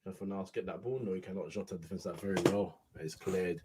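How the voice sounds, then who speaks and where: Low-voiced man calling football live. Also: fairly even intonation, fast, noisy background. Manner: chatty play-by-play, calls players by name. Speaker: co-commentator. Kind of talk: casual live football commentary.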